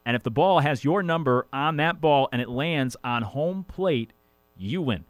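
A man's voice: medium pitch, animated, unhurried, no room sound. A man hosting a sports radio show, talking casually with rambling jokey asides. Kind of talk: casual sports talk monologue.

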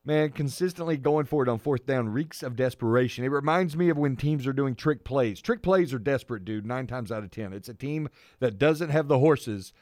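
A man's voice: medium pitch, normal speed, few pauses, darkish tone, no room sound. A man hosting a sports talk radio show, voice in an everyday middle range. He argues his takes with conviction and drives points home by saying them again and again. The sound is dry and close. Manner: emphatic, repeats his points for effect.

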